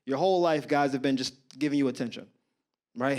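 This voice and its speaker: A man in his thirties doing stand-up comedy on a club stage, telling stories in an animated, slangy way and laughing through his punchlines. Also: medium pitch, a little fast.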